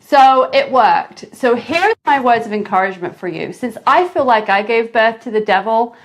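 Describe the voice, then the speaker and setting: A mother telling a parenting story in a casual vlog, animated and dramatic, with big jumps in pitch. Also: normal speed. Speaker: mother sharing parenting advice.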